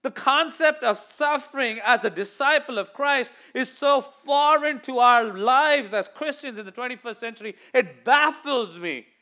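At a measured pace and with hardly a pause, a male pastor addresses his congregation in an animated sermon. His high voice sounds bright and forceful as he shifts from loud declarations to hushed asides, dramatizing the quoted voices.

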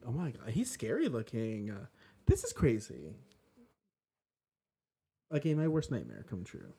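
A woman's voice: very deep voice, wildly swooping pitch, unhurried, creaky, mellow, slightly rough. A young woman reacting to a horror film with grossed-out gasps and chatty remarks. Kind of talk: casual reaction chat.

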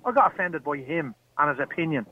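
A man's voice: fairly high pitch, expressive, quick pace. An Irish man calling in to a radio show from his car, indignant and mocking. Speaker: caller. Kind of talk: heated talk radio phone-in. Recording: tinny phone line from a car.

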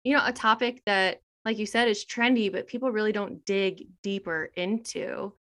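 Woman podcast host, encouraging, effusive, bright voice. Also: mid-range voice, steady tone, normal speed. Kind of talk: interview.

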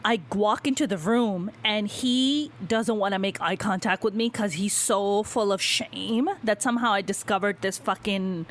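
A young female podcast host animatedly recounts a story in a casual way, cursing freely and imitating the voices of the people in it. She speaks at medium pitch and moderate pace, with hardly any pauses.

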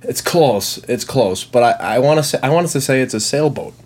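A man's voice: medium pitch, lively intonation, normal speed, a little mellow. Playful male podcast host. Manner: playful, goofy. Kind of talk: casual chat about beer.

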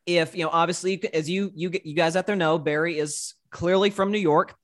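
A man's voice: on the high side, steady tone, brisk, fairly bright tone. Southern man, wry podcast guest. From American South. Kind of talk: casual sports podcast chat.

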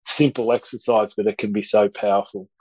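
Low, flat-voiced man. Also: slightly rough, lo-fi sound. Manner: halting, many restarts and fillers. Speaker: guest speaker. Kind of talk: podcast interview storytelling.

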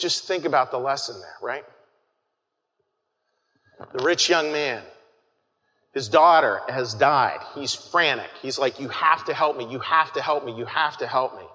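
A man preaching an earnest, conversational sermon, often restarting his phrases and calling his listeners folks. His voice is bright and forceful. It rings out with a long reverb, as in a large hall. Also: mid-range voice. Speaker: pastor.

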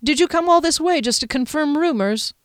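A woman's voice: sits high, expressive, a little fast, no room sound, clean studio sound, pitched above the performer's own voice. A woman reading an anxious village shopkeeper. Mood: earnest, anxious. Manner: earnest, anxious. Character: worried middle-aged village shopkeeper woman, a mother.

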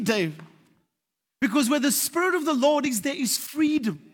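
A man preaching a sermon, telling stories animatedly and building to shouted exhortation. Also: extremely high pitch. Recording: reverberant church hall.

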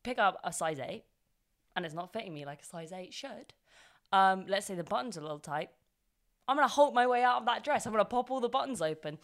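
A woman's voice: mid-range voice, lively intonation, brisk. A woman co-hosting a podcast, telling self-mocking stories in casual chat with frequent laughter. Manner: laughing, self-deprecating anecdotes with acted quotes. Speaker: podcast co-host.

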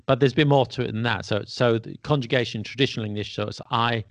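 Male podcast host, gravelly and dry, patiently explains grammar and checks understanding. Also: medium pitch, steady tone, fast, no echo. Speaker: English teacher and podcast host.

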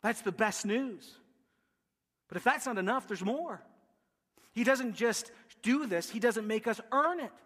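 A man preaching a sermon as pastor, emphatic, building rhythmic lists with quick asides. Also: extremely high pitch, animated, fairly bright tone. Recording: long reverb of a large hall.

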